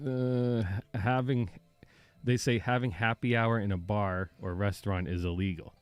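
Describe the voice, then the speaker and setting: A man's voice: lowish voice, fairly even intonation, measured pace, smooth, no echo, soft background music. A man from the area, hosting a casual podcast chat, profane and mocking, laughing often. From Boston area. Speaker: podcast host.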